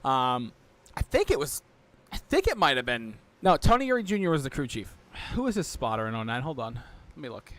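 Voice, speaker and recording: A man giving casual commentary on an online race, telling stories with growing excitement. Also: medium pitch, a little fast. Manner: excitable storyteller, voice jumps up when thrilled.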